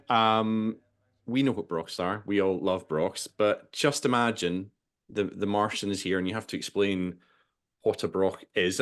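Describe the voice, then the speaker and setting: A man hosting an archaeology podcast in a casual, enthusiastic way, often repeating words as he starts a sentence. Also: on the low side. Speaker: podcast host.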